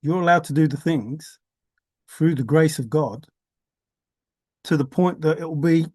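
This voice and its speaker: A man's voice: fairly high pitch, unhurried, long pauses, dark tone, dry recording, clean studio sound. A man talking through a rambling vlog monologue, musing aloud, swearing casually and laughing to himself. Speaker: vlogger.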